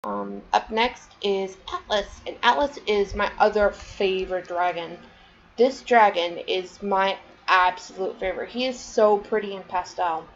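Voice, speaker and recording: On dull audio with slight background noise, a woman in a mid-range voice chats casually on her vlog while showing off her collection. Her show-and-tell rambles, packed with fillers like "um" and "like."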